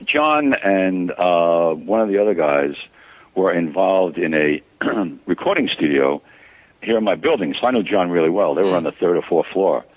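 A man in his sixties, a photographer who is the guest in an interview, reminiscing in a relaxed, rambling way with many fillers. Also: low-pitched, normal speed. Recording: tinny phone line.

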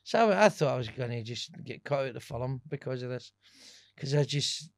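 Animated Scottish man telling stories. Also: mid-range voice, a little fast, vocal fry, no room sound, studio quality. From Scotland. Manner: animated, swearing, laughing storyteller. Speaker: stand-up comedian guest. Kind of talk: casual podcast storytelling.

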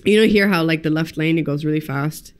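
A woman, a podcast guest, telling stories in a casual, animated way, acting out quoted voices and swearing freely. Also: low voice, fairly quick, clean tone. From United States. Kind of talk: casual conversational storytelling.

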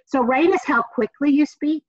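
Southern American woman, professor type, bright-leaning higher voice, energetic and encouraging; dull, dry lo-fi sound. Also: moderate pace, dry recording. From Southern United States. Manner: energetic, encouraging, emphatic repetition. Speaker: communications professor. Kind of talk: classroom lecture.

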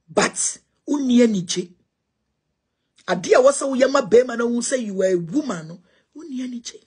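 A Ghanaian woman with a high-pitched voice speaks with passion and confrontation. She switches freely between Twi and English and addresses her listeners directly and forcefully. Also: breathy edge. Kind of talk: impassioned spoken response.

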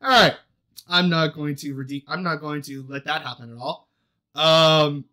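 Guy hosting a chill group podcast, laughs a lot, teases his friends, pretty bright voice. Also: on the high side, moderate pace. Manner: laughing, teasing, excitable. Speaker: podcast host. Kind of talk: casual group chat.

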